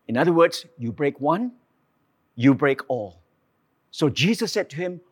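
High-voiced preacher. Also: male voice, normal speed, breathy edge. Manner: animated storytelling, acting out quotes. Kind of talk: sermon.

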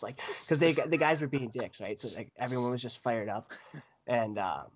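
A young man in his twenties spins a rowdy hockey story, swearing freely and cracking himself up. His voice sits at an ordinary middle pitch. The podcast audio is a little dull and muffled. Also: normal speed. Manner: animated storyteller, profane, laughing often. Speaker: podcast guest, former junior hockey player. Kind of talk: casual chat.

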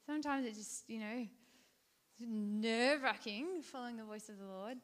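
A Christian woman, her voice a little above typical pitch, shares a personal testimony as a devotional talk at normal speed. She tells her story conversationally, with fillers and false starts, staying earnest and heartfelt throughout.

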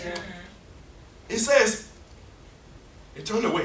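A man's voice: on the high side, sing-song, normal speed, pauses often, pushed and bright, echoey room, far from the mic. A man preaching a passionate sermon, acting out scenes in different voices. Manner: impassioned, acts out scenes in many voices.

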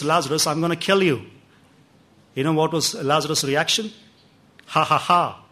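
Earnest man preaching, slightly high voice. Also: sharp tone. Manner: earnest preaching, slows for emphasis, drops low on key lines. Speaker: pastor. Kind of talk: Easter sermon.

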